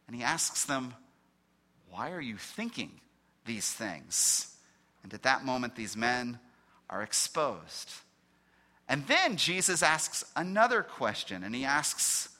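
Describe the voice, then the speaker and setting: A man preaching a sermon, walking through a Bible passage with dramatic pauses and quoted dialogue. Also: mid-range voice, pushed and bright. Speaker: pastor.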